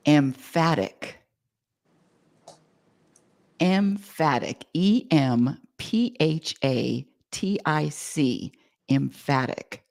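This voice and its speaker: Middle-aged woman co-host, playful, low voice, casual chat. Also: a little mellow. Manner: playful, spells out words slowly.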